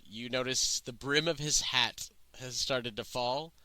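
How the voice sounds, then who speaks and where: A man running a tabletop game as game master, narrating with lively stumbles. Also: mid-range voice, a little slow, no room sound, rough recording. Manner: lively, stumbling over words.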